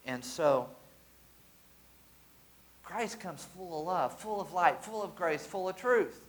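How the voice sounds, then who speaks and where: A pastor preaching a sermon, animated, with sudden loud bursts and calls to the congregation. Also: male voice, high voice, slow pace, rough recording.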